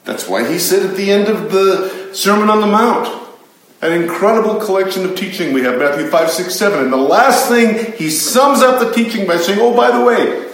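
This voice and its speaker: A pastor leading a Bible study delivers a chatty, emphatic sermon, tossing asides to his listeners. His voice sits high and bright, expressive and at a normal speed, in a very echoey room.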